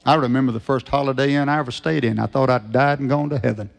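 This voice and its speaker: A man preaching a revival sermon, folksy and storytelling, rising to shouted fervor. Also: medium pitch, steady tone, fast talker, vocal fry. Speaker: evangelist preacher.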